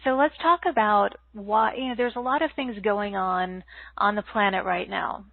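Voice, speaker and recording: A woman's voice: medium pitch, normal speed, creaky, dry recording. A woman podcast host interviewing a guest, affirming and agreeing, with many fillers. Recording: dry tinny phone line.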